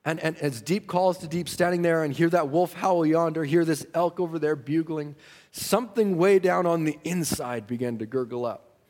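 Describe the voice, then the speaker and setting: A man preaching a sermon, telling a folksy story that swings from hushed tones to joyful shouting. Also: fairly high pitch, moderate pace, long reverb tail.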